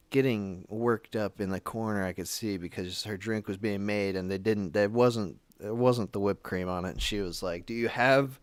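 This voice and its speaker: Smooth-voiced man rambling through a story. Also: on the low side, no room sound. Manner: rambling, with frequent restarts. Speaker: caller. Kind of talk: casual storytelling.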